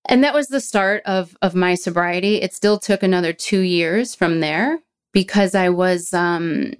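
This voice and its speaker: A woman's voice: on the low side, a little slow, clean tone. A woman in her forties telling her own story in a frank, blunt way, swearing freely and laughing at herself. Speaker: guest sharing a recovery story. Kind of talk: candid personal storytelling.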